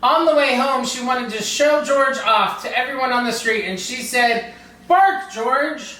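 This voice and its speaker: A woman's voice: fairly high pitch, fairly even intonation, moderate pace, fairly bright tone. A woman hosting a children's program, reading a story and leading a cooking demo in a playful, sing-song way that speaks straight to the kids. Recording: roomy, distant mic with music behind.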